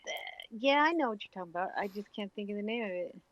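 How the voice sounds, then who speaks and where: A woman guesting on a casual gaming podcast, talking in an animated way with laughter. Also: medium pitch, rapid-fire, a little hiss or hum. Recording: dull lo-fi sound.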